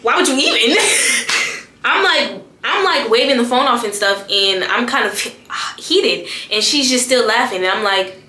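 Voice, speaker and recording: Bright, lively young woman storyteller. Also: on the high side, normal speed, slight background noise. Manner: expressive, slangy, laughs often, repeats phrases for emphasis. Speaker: YouTuber telling a story. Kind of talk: animated storytime vlog. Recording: echoey room with faint background music.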